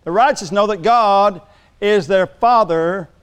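A man preaching a sermon in a church, joking with the congregation and building to emphatic, shouted lines. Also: high voice, a little slow, smooth.

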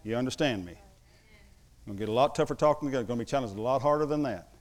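A man's voice: medium pitch, fast. A man preaching a sermon as pastor to his congregation, emphatic and mixing in humorous asides.

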